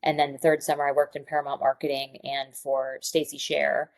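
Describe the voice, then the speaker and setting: A woman's voice: deep voice, flat delivery, fairly quick, low-quality recording. A woman from Michigan, a screenwriter guest, chatting on a podcast and telling stories with acted-out quotes. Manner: chatty storyteller who acts out quoted voices. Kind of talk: casual podcast interview.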